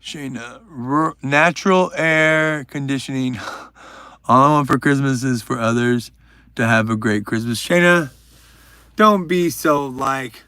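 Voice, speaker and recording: A man's voice: mid-range voice, expressive, a little slow, bright, forceful tone, no echo. A young man hosting a livestream, chatting casually and joking while reading out viewers' names. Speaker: livestream host.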